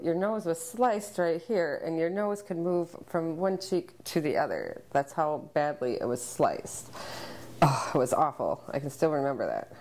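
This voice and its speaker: A mother recounting a frightening family memory to the camera, emotional and halting, with many pauses. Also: sits low, a little mellow. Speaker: interviewee, subject's mother.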